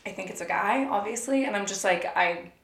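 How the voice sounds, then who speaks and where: A woman's voice: medium pitch, a little fast, a bit bright, echoey room. A young woman chatting casually and telling a story, laughing and swearing a lot. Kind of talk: casual chat.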